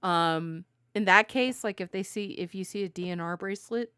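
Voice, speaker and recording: A woman co-hosting a podcast in casual chat, telling animated stories, acting out quotes and laughing often. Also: mid-range voice, moderate pace, clean tone, no echo, clean studio sound. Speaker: podcast co-host.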